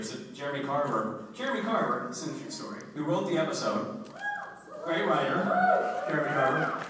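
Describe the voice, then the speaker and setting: A man's voice: mid-range voice, lively intonation, brisk, crowd noise. A man answering fans' questions at a convention, rambling and self-deprecating, laughing as he talks. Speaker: convention panel guest. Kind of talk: casual fan Q&A. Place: large convention hall. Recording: echoey hall, far from the mic, noisy.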